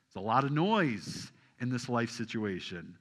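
A man preaching a sermon to a congregation, asking them questions and swinging from loud emphasis down to soft, hushed lines. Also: mid-range voice, unhurried, big-room sound. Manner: animated, rising loud for emphasis then dropping soft. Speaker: pastor.

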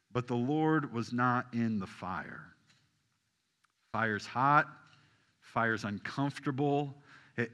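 A man preaching a sermon to a congregation, asking them questions and swinging from loud emphasis down to soft, hushed lines. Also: mid-range voice, in a large hall. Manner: animated, rising loud for emphasis then dropping soft. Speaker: pastor.

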